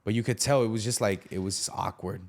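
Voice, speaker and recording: A man's voice: on the low side, fast talker, vocal fry, a little mellow. A man telling his life story candidly as a podcast guest, using street slang and acting out the voices he quotes.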